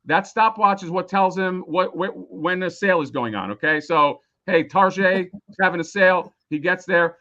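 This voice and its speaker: A man's voice: high-pitched, moderate pace, few pauses, bright, forceful tone, dull audio. A man losing his voice, rambling casually and swearing a lot while explaining a toy on a live stream. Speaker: toy designer presenting a crowdfunding campaign.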